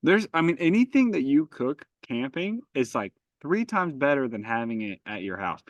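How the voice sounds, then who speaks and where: Jokey podcast guy, bouncy pitch, dry close mic. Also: sing-song, moderate pace, no room sound. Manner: jokey, swearing, riffing. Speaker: podcast co-host. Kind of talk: casual chat.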